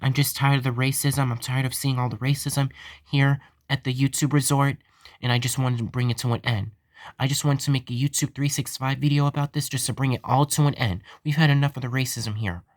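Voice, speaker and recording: Man, earnest vlog host, repetitive, stumbling restarts, middle pitch, dry close sound. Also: steady tone, brisk, no echo. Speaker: host of a fan-made theme park channel.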